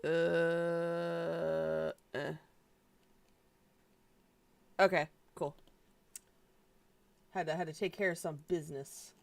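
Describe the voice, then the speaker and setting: A woman's voice: fairly low pitch, little pitch movement, very slow, creaky, pauses often. Woman streamer, casual live chat; rambly, filler-laden, swears freely, trips over her own restarts.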